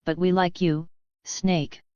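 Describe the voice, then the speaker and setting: A woman's voice: lowish voice, level tone, slow pace, dark tone, clear, resonant tone, no room sound, dull audio. A woman voicing a proud, teasing twin schoolboy prankster.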